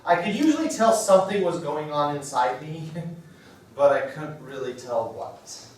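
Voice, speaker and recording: A man in his forties leads a marriage workshop in a church hall, speaking conversationally, making self-deprecating remarks, and checking in with his audience with "okay?" His voice is a little high, animated, unhurried, and darkish, recorded from far off in a very echoey hall.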